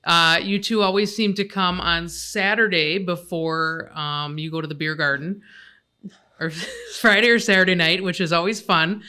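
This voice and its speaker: A podcast host chats with a guest in a bright, sharp tone. The talk is loose and joking, with laughter breaking into the stories. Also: medium pitch, moderate pace, clear, resonant tone. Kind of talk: casual chat.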